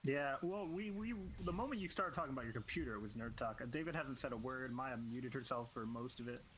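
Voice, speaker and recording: A man's voice: mid-range voice, lively intonation, a little fast, fairly bright tone, a little hiss or hum. A young man co-hosting a casual podcast, joking with crude banter. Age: young adult. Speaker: podcast co-host. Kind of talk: casual chat.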